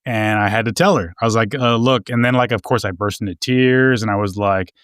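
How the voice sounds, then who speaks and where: A man's voice: on the low side, steady tone, a little fast, a bit bright, clean tone, no echo, clean studio sound. A man co-hosting a podcast, telling a story about himself candidly and self-deprecatingly. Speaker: podcast co-host. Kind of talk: casual conversational podcast.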